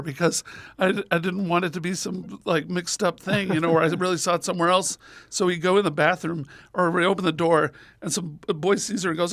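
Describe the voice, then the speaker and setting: A man's voice: moderate pace, no room sound. A man telling a comic story as a guest on a talk radio show, acting out the people in it. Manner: animated, acts out his characters in high voices. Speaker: comedian guest.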